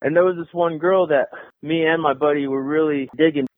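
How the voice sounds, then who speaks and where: Young male caller, swearing storyteller, slightly high voice, phone-line sound. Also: fairly quick. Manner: profane, animated, acts out voices. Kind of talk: casual storytelling. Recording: tinny phone-line radio call.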